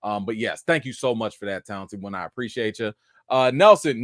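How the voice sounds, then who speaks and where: A man hosts a live chat stream from home, his voice leaping up into loud mock indignation and then dropping to a low mumble. He talks in slangy, casual bursts full of restarts. The sound is dry and close to the mic. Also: moderate pace, no room sound. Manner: animated, teasing, swings between loud mock outrage and low mumbling. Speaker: host of a live chat show.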